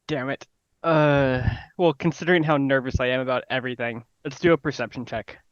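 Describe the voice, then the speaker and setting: A man playing a tabletop game, brash and joking, now and then yelling his lines. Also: mid-range voice, steady tone, brisk, clean tone, dry recording, muffled recording. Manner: brash, shouting jokes. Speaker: player. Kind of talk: in-character tabletop play.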